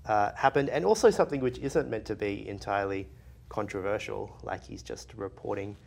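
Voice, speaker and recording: A man's voice: lowish voice, a little fast, creaky, a little mellow, a little hiss or hum. A man giving a tentative reading in an academic discussion, hesitant and full of restarts. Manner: hesitant, many fillers and restarts. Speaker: podcast discussant.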